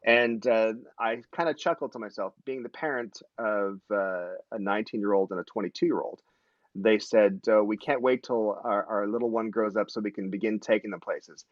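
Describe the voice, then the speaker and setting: A man's voice: fairly low pitch, normal speed, no echo, lo-fi sound. A man in his forties hosting a casual live-stream chat, rambling and joking, often correcting himself mid-sentence. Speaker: host.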